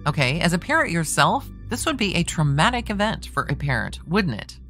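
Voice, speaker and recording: A woman's voice: lowish voice, very animated, a little fast, fairly bright tone, soft background music. A woman reading a pressing male defense attorney. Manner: pressing, leading questions with tag questions. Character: persistent male defense attorney cross-examining. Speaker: true crime podcast host. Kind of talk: reading a trial transcript aloud.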